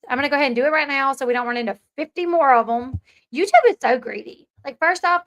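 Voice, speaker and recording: Woman, commentary host, opinionated, rambling, sharp bright voice. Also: a little high. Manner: chatty, rambling, many fillers.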